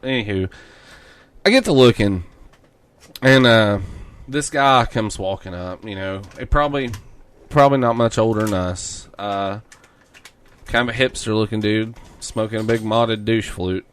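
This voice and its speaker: A man's voice: fairly low pitch, unhurried, a bit bright, a little hiss or hum. A man with a Southern US accent, co-hosting a podcast and telling a story in casual, profane chat. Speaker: podcast co-host.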